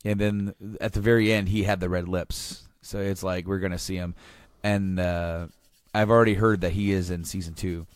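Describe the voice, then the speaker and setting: Low-voiced male podcast host, rambling. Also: fairly even intonation, moderate pace, no room sound, studio quality. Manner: rambling, enthusiastic recap with many restarts. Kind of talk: casual chat.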